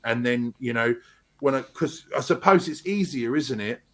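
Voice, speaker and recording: A man talking as a podcast guest, spinning his stories with lots of restarts and tangents. His voice sits at an ordinary middle pitch and carries on in a casual, rambling flow. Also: normal speed. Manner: animated storyteller, rambling with restarts. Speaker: actor guest. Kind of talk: casual interview chat.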